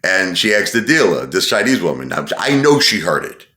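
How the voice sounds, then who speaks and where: A man's voice: deep voice, big pitch swings, moderate pace, bright, forceful tone, reverberant. A man telling a long personal story in a rambling, defensive way, often repeating himself. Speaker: channel host telling a story. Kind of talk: casual storytelling monologue.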